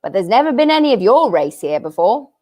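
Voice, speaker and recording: A woman's voice: a little high, big pitch swings, fairly quick, darkish tone, voice pushed up. A woman doing a folksy talking beaver. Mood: earnest. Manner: earnest, folksy drawl slipping in. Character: kindly gruff male talking beaver.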